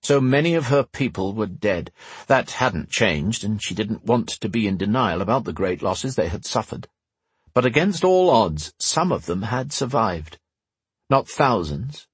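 A man narrating a fantasy audiobook in a measured storytelling manner, slowing for dramatic moments. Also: fairly low pitch, slightly rough, no room sound.

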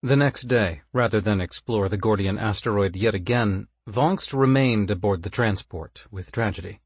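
Husky low-voiced male story narrator. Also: moderate pace, dry recording.

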